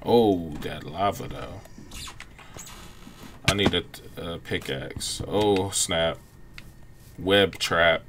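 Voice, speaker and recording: A young man giving relaxed, reactive commentary over his own gameplay, breaking into quick exclamations. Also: low voice, background noise. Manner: laid-back, reactive, frequent exclamations. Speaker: gaming channel host. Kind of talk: let's-play gameplay commentary.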